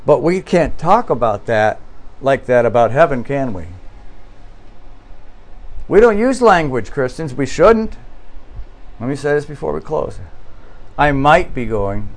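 A man's voice: medium pitch, big pitch swings, a little slow, pauses often. A male pastor preaching a sermon in an earnest, emphatic way, pressing hard on key words and often restarting his phrases.

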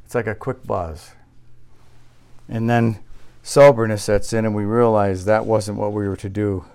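A male pastor preaching a sermon, who repeats key phrases for emphasis and swings between loud, emphatic exclamations and quiet, reflective asides. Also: fairly low pitch, fairly even intonation, a little slow, smooth.

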